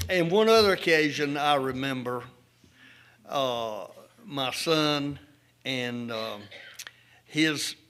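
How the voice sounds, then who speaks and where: A man giving a funeral eulogy, telling stories in a folksy, halting way with many fillers. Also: mid-range voice, fairly bright tone, clean tone.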